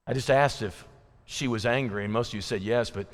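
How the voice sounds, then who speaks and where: A man's voice: medium pitch, a little fast. A man leading a Bible study in a casual, conversational way, often putting questions to the group and restarting his sentences. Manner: conversational, asks the audience questions, many fillers and restarts. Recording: long hall reverb.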